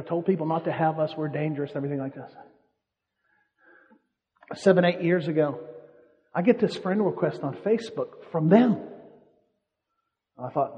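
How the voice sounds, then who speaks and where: A man preaching a sermon, telling stories and repeating his points for emphasis. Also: on the high side. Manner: storytelling, emphatic repetition. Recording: muffled hall reverb.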